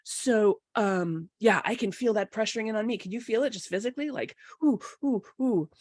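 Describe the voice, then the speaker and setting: A woman coach hosting a live online workshop, her voice a little rough from a cold, chatting casually and slowing down to guide breathing. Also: medium pitch, darkish tone, no echo.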